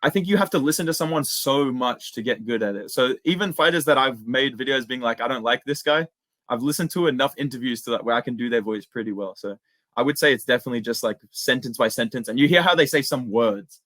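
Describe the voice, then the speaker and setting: A young Australian man chatting casually as an interview guest, slangy and relaxed, full of "dude" and "man". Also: mid-range voice, fast talker, no room sound. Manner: laid-back, slangy, lots of "dude" and "man". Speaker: guest, MMA impressionist.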